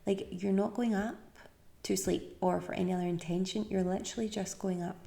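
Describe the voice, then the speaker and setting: Podcast host, woman from the UK, tired, encouraging, slips into near-whispers, dark gravelly tone. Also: mid-range voice, steady tone, normal speed. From United Kingdom. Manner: chatty, encouraging, often drops to a soft breathy near-whisper. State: tired, yawning. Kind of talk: casual advice monologue.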